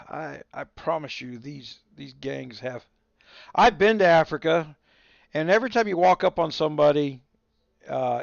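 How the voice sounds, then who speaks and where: Male stream host, gravelly, bluntly opinionated, casual chat with viewers; dull lo-fi sound. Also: on the high side, dry recording. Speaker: livestream host.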